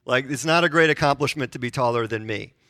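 A man's voice: medium pitch, quick pace, sharp tone, no room sound, studio quality. A man in his forties preaching a sermon, conversational and self-deprecating, asking the congregation questions. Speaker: pastor.

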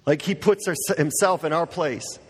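Casual husky-voiced male preacher, echoing hall. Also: a little high, normal speed. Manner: casual, conversational preaching with many fillers. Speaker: pastor. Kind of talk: sermon. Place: church. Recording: long church hall reverb.

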